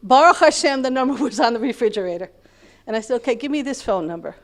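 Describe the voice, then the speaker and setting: A middle-aged woman giving a Torah lecture, telling a personal story in an animated way and acting out the people she quotes. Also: a little high, fast.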